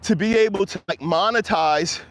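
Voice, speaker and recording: A man's voice: sits high, normal speed, fairly bright tone. A man hosting a casual livestream, chatting loosely with his viewers and laughing often as he rambles. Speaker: livestream host reading chat.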